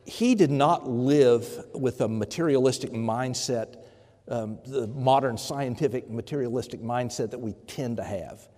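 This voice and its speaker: A man's voice: mid-range voice, measured pace, dark tone. A man preaching a sermon in a conversational way, often repeating words and briefly acting out the people he quotes. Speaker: pastor. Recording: long hall reverb.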